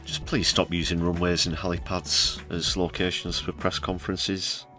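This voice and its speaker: British male livestream host, very low voice, sardonic delivery, faint music underneath. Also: little pitch movement, normal speed, bright, forceful tone. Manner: dry and sarcastic, with mock emotion. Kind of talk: casual live news commentary.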